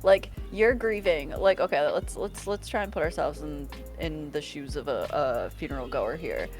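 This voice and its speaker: A woman's voice: low-pitched, expressive, moderate pace, a little mellow, soft background music. A woman co-hosting a comedy podcast, telling playful stories full of "like" fillers. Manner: playful storyteller, frequent "like" fillers. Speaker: podcast co-host. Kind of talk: casual comedic chat.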